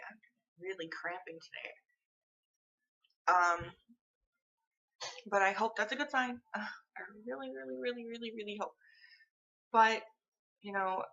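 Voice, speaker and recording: A woman's voice: mid-range voice, creaky, sharp tone, lo-fi sound. A young woman vlogging in casual chat to the camera, candid and rambling, with lots of fillers and restarts.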